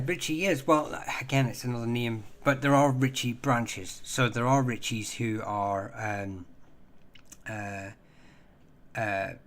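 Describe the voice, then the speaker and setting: With a medium-pitched, fairly bright voice, the host of a casual live stream fields viewer questions. His answers come out halting, full of ums and restarts, and he is chatty and pokes fun at himself.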